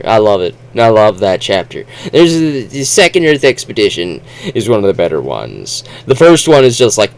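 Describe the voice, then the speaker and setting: A man with a low voice reviews a book in a loose, rambling vlog. He talks in a lively, swooping way, breaks off halfway through sentences and starts them over, and keeps the feel of offhand chat. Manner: rambling, halting, with restarts.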